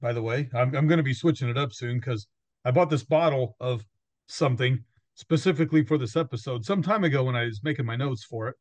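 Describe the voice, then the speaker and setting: A podcast host chats casually, rambling, laughing often, and quoting himself and others. His medium-pitched voice is a little fast and a little mellow, with no room sound.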